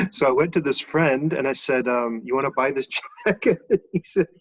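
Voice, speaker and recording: Husky man telling a story on a call. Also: mid-range voice, fairly even intonation, moderate pace, a bit bright, dull audio. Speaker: guest author. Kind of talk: casual storytelling.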